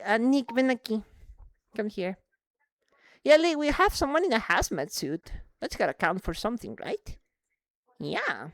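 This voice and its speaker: A woman chatting on a live stream, excitable and quick to laugh, switching between English and Spanish as she plays. Her voice sits a little high and comes through smooth and clean. The close mic gives a dry, roomless sound. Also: no room sound. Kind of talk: casual live-stream chat while gaming.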